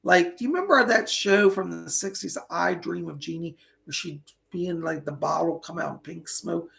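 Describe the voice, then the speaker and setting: A man's voice: fairly high pitch, moderate pace, creaky, fairly bright tone. A man hosting a live online psychic reading, talking chattily, greeting viewers by name, and losing his voice.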